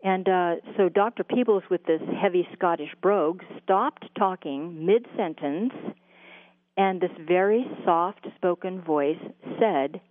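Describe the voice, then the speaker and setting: A woman speaking in a lowish voice recounts her story in a halting way, full of fillers and restarts. She comes through a narrow, phone-like line with a dry sound and no room echo. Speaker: guest, spiritual channeler. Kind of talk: storytelling interview answers.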